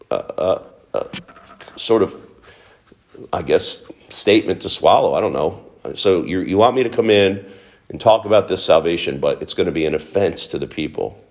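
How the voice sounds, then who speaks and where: A man with a fairly low voice gives a sermon as pastor. He talks in a loose, conversational way and keeps asking his listeners questions as he explains scripture.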